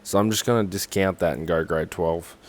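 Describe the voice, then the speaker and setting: A man's voice: deep voice, a little fast. A young Australian man with an Australian accent, rambling sarcastically and swearing as he talks through a form on a casual livestream.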